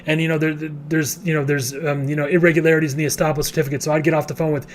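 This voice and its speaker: A man's voice: on the high side, level tone, racing. A man, a real estate educator, telling a long story in a casual, rambling way with many restarts.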